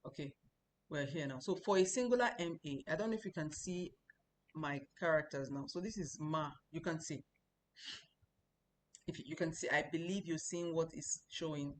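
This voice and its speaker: Low-voiced woman teaching tones. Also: moderate pace, a little hiss or hum. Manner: explanatory, repeats words for practice, chatty asides. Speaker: Chinese language teacher. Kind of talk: online language lesson.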